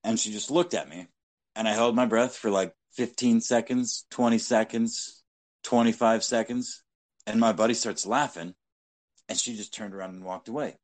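A man's voice: fairly low pitch, fairly even intonation, moderate pace. A man co-hosting a podcast, telling casual anecdotes in a blunt, profanity-heavy way. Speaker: podcast co-host. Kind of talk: casual storytelling chat.

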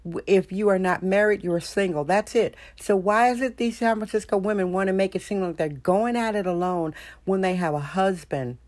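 An opinionated woman hosts her own podcast, talking straight to her listeners. She fires off rhetorical questions and leans hard on her points. Her voice sits at an ordinary middle pitch for a woman. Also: normal speed, darkish tone. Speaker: podcast host. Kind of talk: solo podcast monologue.

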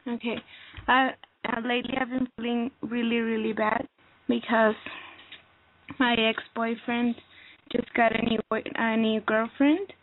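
A young woman in her twenties from Texas, calling an advice show and talking in a hesitant, halting, slightly teary way. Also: fairly high pitch, level tone. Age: 20s. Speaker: caller. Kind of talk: phone call to an advice show. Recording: tinny phone line.

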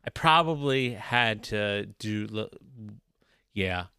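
A man's voice: fairly low pitch, lively intonation, takes it slowly, sharp tone, clear, resonant tone, dry recording, clean studio sound. A man co-hosting a casual podcast with friends, laughing often and rambling with restarts. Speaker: podcast co-host. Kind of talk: casual chat among friends.

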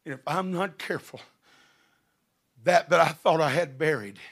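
Middle-aged male preacher, high-pitched and gravelly, fervent. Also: normal speed. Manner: fervent, building to shouted passages. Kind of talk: sermon.

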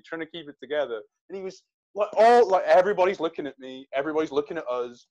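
A man, a guest actor, telling an animated story in a casual interview, with hesitant restarts. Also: on the high side, fast, hardly any pauses, muffled recording.

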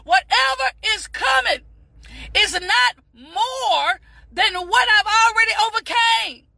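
A woman giving an impassioned motivational talk on a live stream, repeating phrases and breaking into shouts. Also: very high-pitched, slow, vocal fry, no room sound. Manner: fervent, preachy, repeats phrases, bursts into shouts; addresses viewers as "beautiful people".

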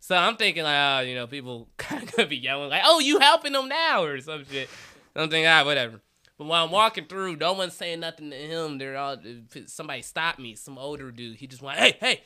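A young man tells a story on a podcast. His voice sits high and sounds very bright and sharp. He is animated and laughs often, and he slips into other people's voices as he goes. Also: fast, smooth. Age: young adult. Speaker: comedian telling a story. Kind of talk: casual podcast chat.

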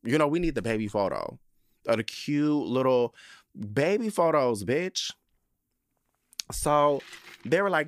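A man hosting a podcast, telling a story in a campy, profane, animated way. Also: medium pitch, moderate pace, long pauses, no echo, studio quality. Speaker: podcast host. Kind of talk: casual chat.

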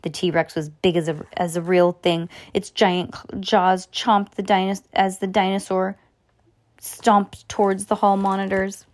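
A woman reading a children's chapter book aloud, stumbling and rereading as she goes, giving the characters lively voices. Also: medium pitch, unhurried. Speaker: reader.

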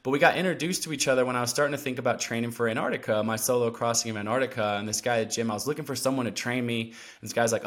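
A man as a podcast guest, telling a story in casual talk, animated and full of "like" fillers. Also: medium pitch, rapid-fire, few pauses. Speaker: podcast guest, endurance athlete.

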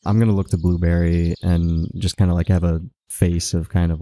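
A man with a low, dark, mellow voice, taking part in a tabletop role-play. He talks hesitantly and often restarts his sentences, and the sound is dry and close. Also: flat delivery, moderate pace, hardly any pauses, no echo. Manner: hesitant, stumbling. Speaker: player.

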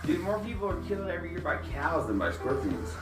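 A man with a high, expressive voice throws out crude jokes in quick bursts. His voice echoes around the room, and music plays clearly behind him. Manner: wisecracking, crude. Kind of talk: casual podcast chat.

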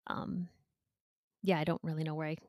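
A woman in her forties, a podcast guest, talking candidly and emotionally with pauses and restarts. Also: low voice, little pitch movement, a little mellow, no room sound, clean studio sound. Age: 40s. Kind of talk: candid interview talk.

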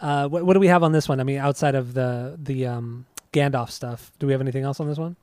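This is a man hosting a casual podcast in a relaxed, easygoing way, steering the chat back to the topic. His pitch is mid-range and the recording is dry. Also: fast talker, clean tone, dry recording. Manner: easygoing, keeps the talk moving. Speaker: podcast host.

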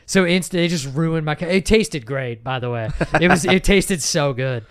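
A young man co-hosting a podcast, telling a story with plenty of swearing and self-mockery. His voice sits fairly high and sounds smooth and clear. The sound is close and dry. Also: moderate pace, no room sound. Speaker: podcast co-host. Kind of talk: casual chat.

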